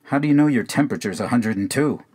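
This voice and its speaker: Concerned wife, sharp and quick, read by a man in a poetry reading. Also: mid-range voice, animated, husky, no echo, clean studio sound. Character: sharp, concerned adult woman.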